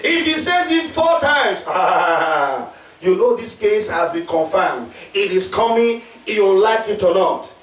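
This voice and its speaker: A man's voice: high-pitched, expressive, a little slow, a bit bright. Male pastor, fervent call-and-response preaching, echoing church heard from a distance. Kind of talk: sermon. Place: church hall. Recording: echoey church, mic at a distance.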